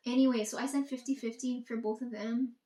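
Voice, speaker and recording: A woman talks straight to the camera in a loose, profane rant, quoting herself and others as she goes. Her voice sits a little high, and the room around her rings with echo. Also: fairly even intonation, normal speed, dark tone. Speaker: vlogger. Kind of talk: casual monologue. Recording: echoey room.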